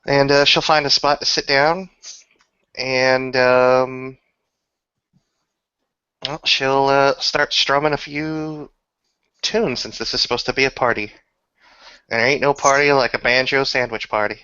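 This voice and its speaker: Guy narrating his character in a tabletop game, bright crisp voice, dry dull-sounding mic. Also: mid-range voice, steady tone, no room sound. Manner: casual, halting with many fillers. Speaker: tabletop player.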